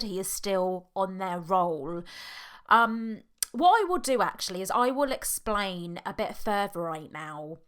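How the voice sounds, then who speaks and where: A British woman in her thirties hosting her own podcast, talking in a halting, emotional way and close to tears. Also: mid-range voice, fairly bright tone. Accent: British English. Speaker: podcast host; hypnotherapist. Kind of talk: personal podcast monologue.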